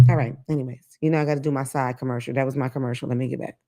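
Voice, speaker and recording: A woman's voice: extremely low pitch, racing, few pauses. A woman hosting her own talk show, ranting casually with blunt, profane commentary. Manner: blunt, profane, animated rants. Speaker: podcast host.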